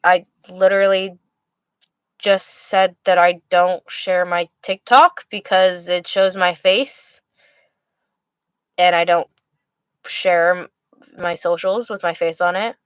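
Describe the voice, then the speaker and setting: A woman's voice: on the low side, steady tone, slow, long pauses, smooth, no room sound, dull audio. Tired young woman rambling on a livestream. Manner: rambling, many restarts and fillers. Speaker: livestream host reading chat. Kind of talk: casual livestream chat.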